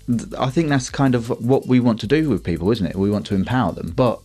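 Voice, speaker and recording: A man's voice: medium pitch, quick pace, mellow, soft background music. A man co-hosting a podcast in casual, jokey chat, often trailing off mid-sentence. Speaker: podcast co-host.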